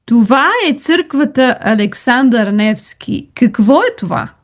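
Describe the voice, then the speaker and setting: Slow, encouraging woman language tutor. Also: fairly high pitch, animated. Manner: encouraging, patient, switches between languages. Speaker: language teacher. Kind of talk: online tutoring lesson. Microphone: video call.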